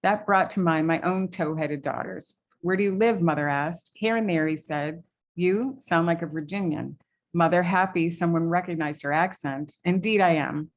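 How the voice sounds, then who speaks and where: A woman from New England reads aloud from her novel at a library talk. Her voice sits on the low side, and she pauses with fillers between passages. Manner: hesitant with fillers between readings. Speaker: author.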